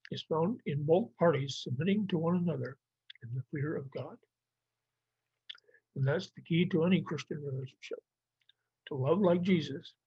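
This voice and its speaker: A man's voice: on the high side, a little mellow, breathy edge, dry recording. A man teaching a Bible survey lesson, explaining plainly with some fillers and restarts. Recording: dry, muffled lo-fi recording.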